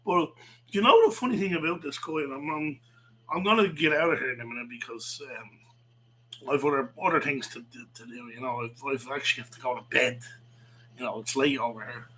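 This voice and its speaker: A man's voice: medium pitch, fairly even intonation, fairly quick, sharp tone, a little hiss or hum, low-quality recording. A man ranting in a rambling way, swearing a lot, with many fillers and restarts. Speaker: vlogger. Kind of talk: rambling rant to camera.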